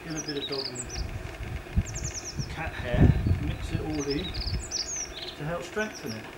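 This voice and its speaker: A man chatting casually as a bushcraft vlogger in his garden, rambling and self-mocking, often slipping into high coaxing talk for his pets. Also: measured pace. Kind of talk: casual chat while working outdoors. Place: home garden outdoors. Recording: noisy outdoor garden recording.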